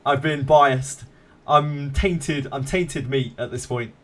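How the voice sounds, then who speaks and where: A man's voice: medium pitch, slow. A man streaming a game live, chatting casually with viewers in a laid-back, self-mocking way and swearing freely.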